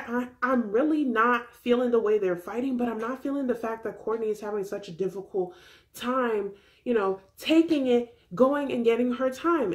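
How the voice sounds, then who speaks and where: A young woman recapping a reality show in a chatty, animated way. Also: a little high. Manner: chatty, animated, slips into quoted voices. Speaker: recap vlogger.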